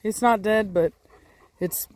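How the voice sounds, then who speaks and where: A woman's voice: mid-range voice, slow pace, a little mellow, dry recording, low-quality recording. A woman with a Texan accent chatting casually outdoors in a vlog, talking to her dogs. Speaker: dog breeder vlogger. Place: outdoors in a windy yard. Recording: faint wind noise outdoors.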